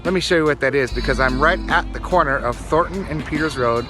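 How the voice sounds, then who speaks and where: A man's voice: fairly high pitch, fast, music in the background. A man sending a chatty, lightly joking video report from outdoors by a field, filmed on a handheld phone. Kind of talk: casual on-location video message.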